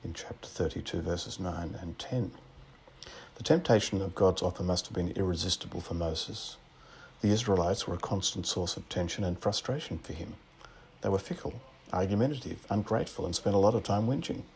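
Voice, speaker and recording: A man with an Australian accent preaching a sermon in a measured, reflective way, asking rhetorical questions. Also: low-pitched, creaky, darkish tone, a little hiss or hum.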